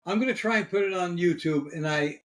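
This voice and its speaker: A man hosts a loose podcast chat and tells jokes in an easy, laid-back way. His voice sits a little higher than most men's. He moves the talk along calmly. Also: a little fast. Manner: laid-back, wraps up the show. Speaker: podcast host. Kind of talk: casual chat, joke-telling.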